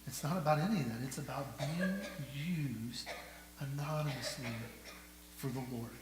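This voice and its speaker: Animated preacher man in echoey hall. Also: medium pitch, moderate pace. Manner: animated preacher with rhetorical questions, from quiet to loud. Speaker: pastor. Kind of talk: sermon. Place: church sanctuary. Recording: echoey church hall with faint hum.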